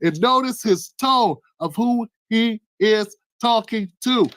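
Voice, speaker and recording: On his own channel, a man delivers impassioned political commentary in a very high-pitched, slightly bright voice at a slow pace. He keeps firing off the same rhetorical questions and speaks to one listener by name.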